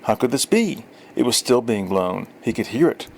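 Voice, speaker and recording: A man narrating a storybook in a dry, wry tone at a middle pitch, now and then stumbling and correcting a word. A faint hum of ambience sits under his voice. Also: sing-song, moderate pace, gravelly. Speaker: story reader. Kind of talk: audiobook narration.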